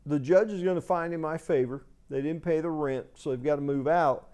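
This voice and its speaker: A man's voice: a little high, brisk, a little mellow, clean tone. A man hosting his own show, telling business anecdotes in a casual, plainspoken way. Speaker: host sharing business advice. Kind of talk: casual storytelling monologue. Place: outdoors in the desert.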